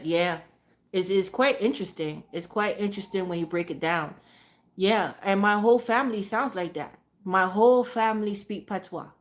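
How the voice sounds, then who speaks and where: A woman vlogger talking casually, rambling and repeating herself, trailing off into low mutters. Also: normal speed. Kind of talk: casual monologue.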